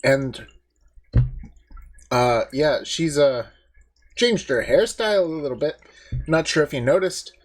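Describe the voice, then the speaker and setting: A man's voice: a little high, slow, pauses often. A man hosting a commentary video, talking in a casual, mocking, indignant way with many fillers.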